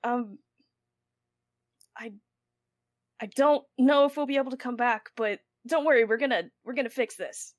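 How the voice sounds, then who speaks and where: A woman's voice: a little high, moderate pace, long pauses, no room sound, clean studio sound, pitched above the performer's own voice, close to an everyday voice. Victoria, a kind young woman adventurer, played by a woman. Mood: reassuring.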